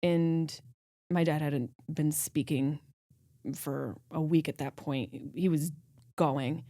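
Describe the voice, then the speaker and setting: Lower-voiced woman host, dry close sound. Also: steady tone, slow pace, mellow, dry recording. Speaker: podcast host, comedian. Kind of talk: casual interview chat.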